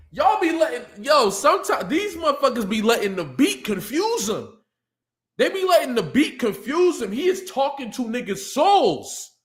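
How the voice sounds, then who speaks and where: Man, battle rapper, casual reaction commentary, high lively voice. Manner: excitable, hypes up lines, breaks into shouts and laughs. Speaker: battle rapper breaking down diss tracks.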